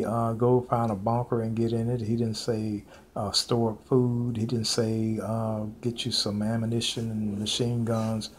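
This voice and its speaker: A man's voice: fairly low pitch, level tone, a little mellow. Earnest man preaching with faint hiss. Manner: repetitive, earnest, with many pauses and fillers. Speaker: preacher sharing prophetic visions. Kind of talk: informal spoken sermon to camera.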